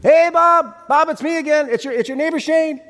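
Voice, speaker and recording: A man's voice: a little high, animated, moderate pace, slight background noise, natural voice. A man acting out an overeager male neighbor who pleads at the door and stammers through apologies. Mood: eager. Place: church sanctuary. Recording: reverberant hall.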